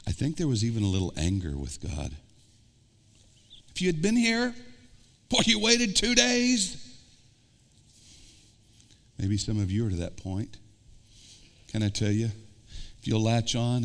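A man with an American Midwestern accent, preaching an earnest sermon as pastor and putting questions straight to his congregation. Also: medium pitch. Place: church sanctuary. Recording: long church reverb.

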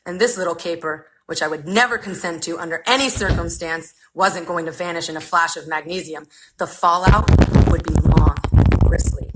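A woman's voice: on the low side, normal speed, very noisy. A woman in her thirties reading a humorous memoir aloud on a phone livestream, with a wry, dry comic delivery. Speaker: reader. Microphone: phone mic.

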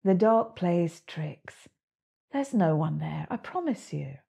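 A woman voicing a gentle, caring mother hare in a storybook, speaking softly and soothingly. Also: on the low side, expressive, slow pace, vocal fry, husky, exaggerated voice. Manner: soft, soothing, hushed.

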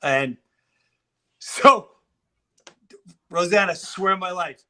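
Animated storytelling man, bright voice. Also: sits high, slow pace. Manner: animated, swearing, acts out quotes. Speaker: guest. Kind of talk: casual storytelling chat.

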